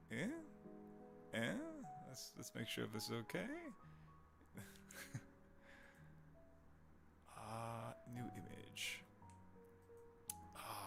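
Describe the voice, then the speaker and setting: Chatty man with a lively voice. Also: fairly low pitch, creaky. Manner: chatty and rambling, greets viewers warmly. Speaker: voice actor livestreaming to viewers. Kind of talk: casual live-stream chat.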